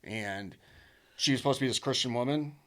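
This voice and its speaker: A man's voice: mid-range voice, fairly quick. A man telling his life story as a podcast guest, blunt and profane, rambling with restarts and lots of "dude" and "like". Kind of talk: casual storytelling.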